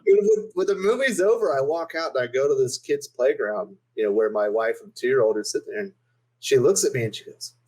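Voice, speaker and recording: Husky guy on a podcast, voice jumps all over telling a story. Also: mid-range voice, a little fast, poor audio. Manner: lively, exasperated storytelling. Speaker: podcast co-host. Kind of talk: casual chat.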